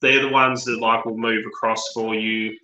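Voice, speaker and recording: An Australian man in casual conversation, blunt and unafraid to swear. His voice is bright and lively. The sound carries a roomy echo. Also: lowish voice, normal speed, lo-fi sound. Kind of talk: casual chat.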